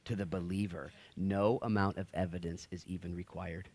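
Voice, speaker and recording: A man's voice: low-pitched, level tone, normal speed, a little mellow, slightly rough. A man in his thirties, a pastor preaching a sermon, who acts out the voices of people in the stories he tells.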